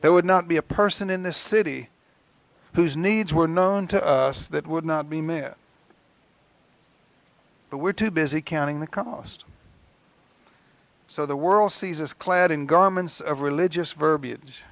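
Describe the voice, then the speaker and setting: Gravelly earnest male preacher, lo-fi. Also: a little high, no room sound. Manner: earnest, rhythmic preaching with dramatic pauses. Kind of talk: sermon. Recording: dull, lo-fi dry recording.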